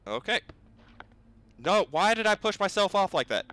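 A man's voice: high voice, lively intonation, moderate pace, pushed and bright, clear, resonant tone. A young man commentating his own gameplay, exasperated and bickering aloud with the game and himself. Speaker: gaming video host.

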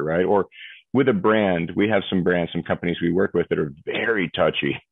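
A deep-voiced man with a husky edge explains technology as an interview guest, acting out little examples as he goes. The sound is tinny and phone-like, with a dry, close feel. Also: animated, moderate pace, no room sound.

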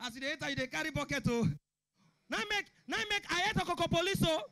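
A young man with a Nigerian Pidgin accent doing a stand-up comedy routine, shouting punchlines and acting out characters. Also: very high voice, expressive, fast talker. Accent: Nigerian Pidgin English.

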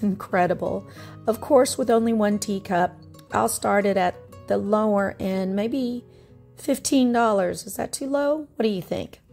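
A woman's voice: mid-range voice, darkish tone. A middle-aged woman vlogger chatting about her thrift finds in a nostalgic, friendly way, laughing often. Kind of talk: casual show-and-tell narration.

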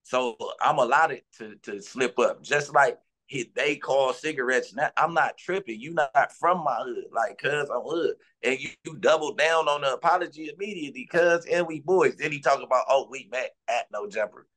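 A man from Los Angeles, speaking as a guest in an interview. He talks heatedly and insistently in a profane street slang, with a voice of ordinary, middle pitch. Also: normal speed, a bit bright.

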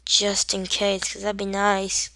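A woman's voice: medium pitch, completely flat delivery, slow pace, sharp tone, no room sound. A woman giving casual, rambling commentary over her game, joking and reading screen text aloud as she plays at home. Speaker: gaming video creator. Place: indoors at home.

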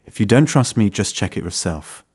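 A man voicing a young wife caught cheating, pleading and desperate, read in his own low voice. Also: lively intonation, normal speed, a little mellow, breathy edge. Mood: bitter.

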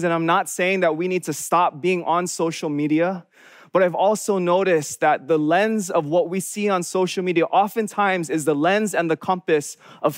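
A young man delivering a sermon as a college pastor, speaking earnestly in a loose, conversational way. His voice sits fairly high, and the recording is close and dry, with no room sound around him. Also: no room sound. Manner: earnest, conversational preaching with restarts.

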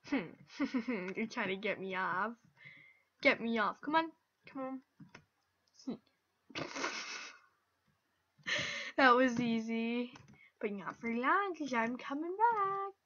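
A young woman chatters over her gameplay in a high, bright voice. She drawls along slowly, then breaks into squeals and quick whispered asides. The recording is dull and lo-fi. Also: animated. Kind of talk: casual gameplay commentary. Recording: dull lo-fi mic.

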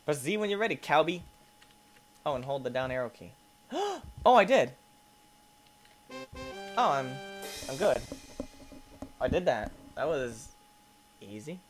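Excitable man yelping through a game. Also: on the high side, measured pace, long pauses, faint music behind. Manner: excitable, yelping and squealing at mishaps; playful, talks to the game characters. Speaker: gaming YouTuber. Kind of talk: let's play commentary.

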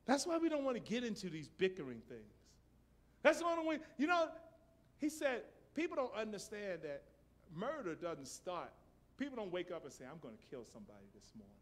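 High, lively preaching man. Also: moderate pace. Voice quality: emphatic, storytelling, bursts into shouts. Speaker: pastor. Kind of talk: sermon. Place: church service.

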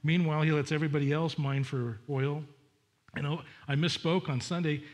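This middle-aged pastor has a mid-range voice. His sermon is chatty and animated, sprinkled with remarks aimed at the congregation.

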